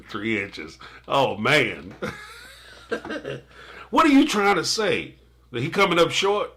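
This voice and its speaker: A man's voice: mid-range voice, big pitch swings, takes it slowly, long pauses, pushed and bright. A man hosting a casual live stream, reacting to a TV episode and reading out viewer super chats with jokes, playful asides and frequent laughter.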